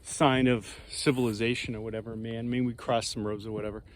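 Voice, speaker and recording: A man vlogging outdoors on a mountain trail, talking in a relaxed, musing way that rambles a bit. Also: medium pitch, fast talker, slight background noise. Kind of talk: casual outdoor vlog.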